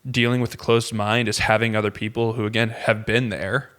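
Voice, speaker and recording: A man's voice: on the low side, flat delivery, a little fast, a bit bright. A man, a pastor, talking earnestly in casual conversation, with many fillers and restarts.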